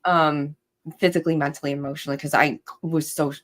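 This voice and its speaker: A woman's voice: low-pitched, fairly even intonation, fairly quick. A young adult woman in casual podcast conversation, telling her story with animation and acting out quoted lines.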